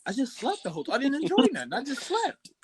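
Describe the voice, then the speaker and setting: A young man co-hosting a podcast, telling stories in an animated, laughing way. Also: very high voice, fast talker, husky. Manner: animated storyteller, loud laughing retellings. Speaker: podcast co-host. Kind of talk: casual chat.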